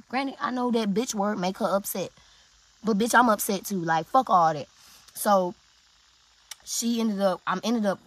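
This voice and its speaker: A young woman telling a heated story in a rant, swearing often and breaking into loud outbursts. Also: mid-range voice, dry recording.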